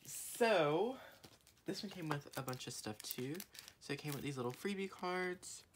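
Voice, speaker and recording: A young woman chatting her way through an unboxing haul vlog, rambling with fillers and restarts and gushing like an eager fan. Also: slight background noise. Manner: gushing fan, swings from low murmuring to excited squeals. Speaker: vlogger.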